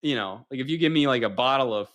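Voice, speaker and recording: A young man chatting casually as a guest, rambling and relaxed. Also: mid-range voice, quick pace. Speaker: podcast guest. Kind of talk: casual chat.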